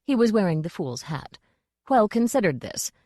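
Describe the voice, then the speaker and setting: A woman reading an audiobook in a measured storytelling manner. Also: mid-range voice, very animated, warm tone, no echo, clean studio sound. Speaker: audiobook narrator. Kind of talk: scripted audiobook narration.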